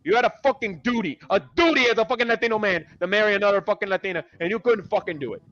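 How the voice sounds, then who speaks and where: A man's voice: high-pitched, rapid-fire, a bit bright, lo-fi sound. A man ranting angrily in a voice chat argument, swearing heavily and hurling insults. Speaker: voice chat participant.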